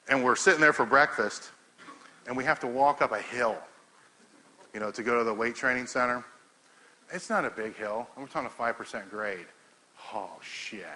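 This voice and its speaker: A middle-aged man speaks to a live room in a bright, forceful voice, storytelling with plenty of swearing and chuckles. He talks with animated energy. Faint background noise sits under the talk. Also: mid-range voice, rough recording. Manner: profane, laughing storyteller, animated. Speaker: powerlifting coach giving a talk.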